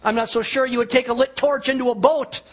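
A man preaching a sermon, retelling a story vividly and dropping to a near hush on the quiet lines. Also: very high voice, steady tone, brisk, slightly rough. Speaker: pastor.

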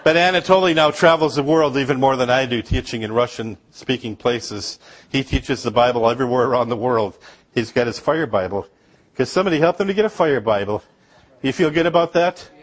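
A man's voice: medium pitch, brisk, breathy edge. Jokey man telling mission stories. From Upper Michigan, USA. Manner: anecdotal storytelling with laughs and asides to the congregation. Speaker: missionary speaker. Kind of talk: humorous missions sermon.

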